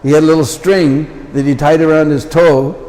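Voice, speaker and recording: In a large temple hall with long reverb, a visiting lecturer shares anecdotes and chats aside to the audience. His voice is a little high and darkish, with a steady tone and moderate pace.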